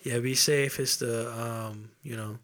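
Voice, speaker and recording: A man hosts a laid-back podcast, talking sports in a loose, profane way. His voice is bright and forceful, sitting at an ordinary pitch for a man. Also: fairly even intonation, unhurried. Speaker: podcast host. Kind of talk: casual podcast chat.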